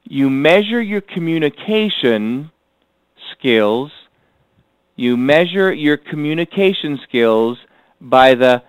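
A man's fairly high voice leads a workbook lesson in a dry, close sound. He repeats key phrases slowly so listeners can fill in the blanks, and he keeps an earnest, motivational tone. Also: smooth, no room sound, rough recording. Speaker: course instructor.

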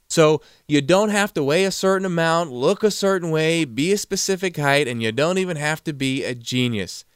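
A man with a fairly high, clean voice delivers a motivational talk, recorded in studio quality with no echo. He tells stories and performs the voices of the people he quotes.

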